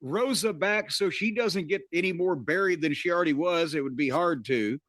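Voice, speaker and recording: A man co-hosting a podcast, recapping events as an excited story in casual chat. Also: on the high side, moderate pace, no echo. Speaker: podcast co-host.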